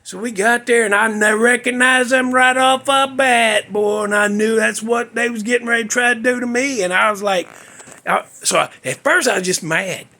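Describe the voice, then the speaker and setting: A man's voice: extremely high pitch, normal speed, bright, forceful tone. A male podcast host telling a story in a casual, folksy, rambling way, cussing freely.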